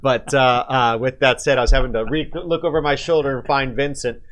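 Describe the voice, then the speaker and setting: A man's voice: medium pitch, fairly even intonation, brisk, a bit bright. A man hosting a radio talk show, speaking casually into a studio microphone and stopping often on fillers and restarts. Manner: hesitant, many fillers and restarts.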